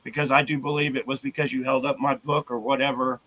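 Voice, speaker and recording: A man talking earnestly as a guest in a casual video chat, halting and restarting his sentences often. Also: medium pitch, little pitch movement, pushed and bright.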